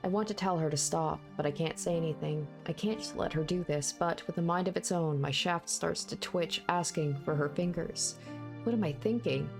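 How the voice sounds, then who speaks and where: A woman with a notably low voice reads a visual novel's narration aloud. She narrates steadily and keeps stopping to add candid, offhand comments of her own. Soft music plays faintly behind her. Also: normal speed. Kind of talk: game read-aloud with commentary.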